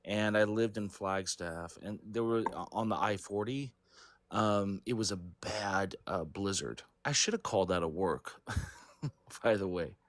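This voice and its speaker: A man being interviewed, telling a personal story in a rambling, halting way, full of fillers and self-corrections. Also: deep voice. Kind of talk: casual storytelling.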